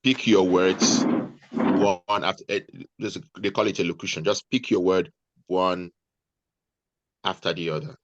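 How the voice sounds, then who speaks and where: A man, a guest on a video call, giving measured, deliberate advice to nurses. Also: low voice, fairly even intonation, no echo, muffled recording. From Nigeria.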